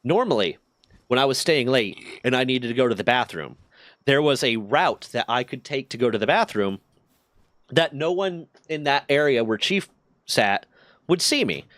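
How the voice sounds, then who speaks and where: A man's voice: mid-range voice, moderate pace, dry recording. A man streaming, telling a workplace story in a casual, profane way and acting out the dialogue. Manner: profane, animated retelling with quoted dialogue.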